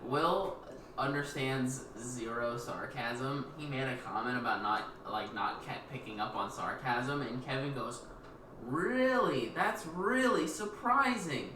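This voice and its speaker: Guy grumbling dryly about work, far from mic, loud hiss. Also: medium pitch, fairly even intonation, measured pace, echoey room. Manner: dry, rambling complaints. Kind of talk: casual chat.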